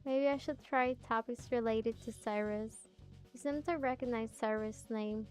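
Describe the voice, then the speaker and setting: A woman's voice: fairly high pitch, fairly even intonation, normal speed, faint music behind. A woman streaming a game, chatting casually, laughing and teasing as she plays.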